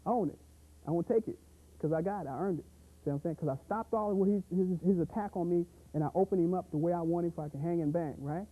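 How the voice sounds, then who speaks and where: A man coaching boxing technique in an energetic, punchy way, full of sound effects and repeated catchphrases. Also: fairly high pitch, quick pace. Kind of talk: instructional pad-work demo. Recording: tinny, phone-like audio.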